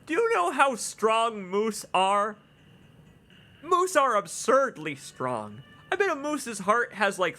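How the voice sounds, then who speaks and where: A man with a high, bright voice that jumps around a lot, reacting to a video game as he plays it. He talks unhurriedly and reads the in-game notes aloud. Faint game music plays underneath. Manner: animated, exclaims and laughs loudly at in-game jokes. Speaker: streamer playing a video game. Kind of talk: casual let's-play commentary.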